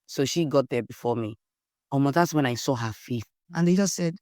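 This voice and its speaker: A young woman with a Nigerian accent, a podcast guest telling lively personal stories in casual conversation and acting out the voices in them. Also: rumbling low, fairly quick, no echo, studio quality. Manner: animated storyteller, acts out quotes, Nigerian slang. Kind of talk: storytelling in casual interview.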